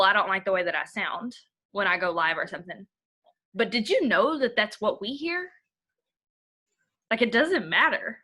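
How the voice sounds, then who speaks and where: A woman's voice: mid-range voice, pushed and bright. A young woman, giving a rambling, blunt motivational training talk to her team. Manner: rambling, blunt, uses y'all.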